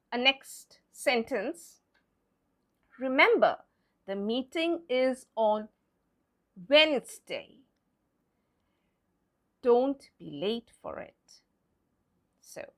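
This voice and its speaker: High-voiced woman teacher, not a native english speaker, goes real slow and patient, spells stuff out letter by letter. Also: fairly bright tone. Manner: patient, deliberate explaining, spells words letter by letter. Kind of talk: pronunciation lesson.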